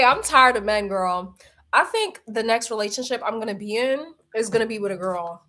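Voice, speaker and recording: A woman's voice: on the high side, expressive, moderate pace, pushed and bright. A young woman hosting a livestream, chatting candidly with viewers in slangy talk and laughing often. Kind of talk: casual chat.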